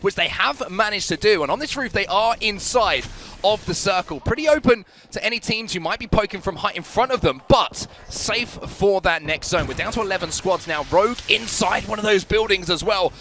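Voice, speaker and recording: A man with a British-sounding accent giving play-by-play esports commentary, energetic and rising on big plays. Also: high voice, moderate pace, faint music behind. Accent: British or Australian English. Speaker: esports caster.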